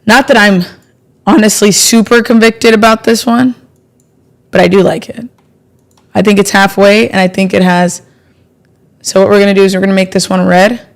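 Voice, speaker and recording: Young woman who hosts a casual live trading stream. Chatty and playful, gets excited easily. Mid-range voice. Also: medium pitch, moderate pace, long pauses. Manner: chatty and playful, thanks subscribers, bursts of excitement. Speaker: livestream trading host.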